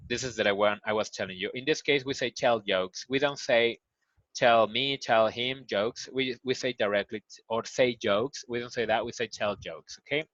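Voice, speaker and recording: A man with a Spanish accent, a native Spanish speaker teaching an English lesson. He explains slowly, repeats key phrases and acts out example lines. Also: medium pitch, sharp tone, dry recording. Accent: Mexican Spanish. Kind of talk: recorded online grammar lesson. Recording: dull lo-fi sound, dry.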